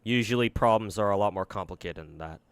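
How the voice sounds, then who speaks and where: A man's voice: fairly low pitch, fast, clean tone, dry recording. A man streaming and giving casual commentary on games, rambling and swearing a lot, with many fillers and restarts. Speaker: gacha game streamer.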